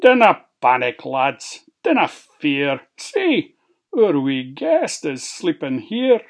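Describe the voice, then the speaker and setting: A storyteller doing a calm, wise old Scottish dwarf. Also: mid-range voice, takes it slowly, full character voice. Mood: soothing.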